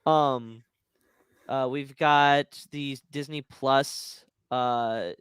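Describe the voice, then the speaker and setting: Casting note: male podcast host, unhurried, smooth clear voice, dry sound, gushing fan. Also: medium pitch, fairly even intonation, a bit bright, no room sound. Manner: emotional, gushing fan enthusiasm. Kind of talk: casual chat.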